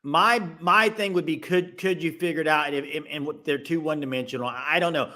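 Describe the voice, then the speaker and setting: A man hosting a casual sports podcast with live call-ins, talking in animated bursts with quick restarts. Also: fairly high pitch.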